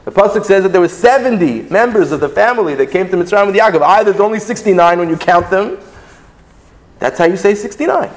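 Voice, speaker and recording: A man gives a Talmud class in an animated, sing-song delivery, stopping to restart his sentences. His voice sits high for a man. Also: brisk. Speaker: Torah teacher. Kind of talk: Talmudic lecture.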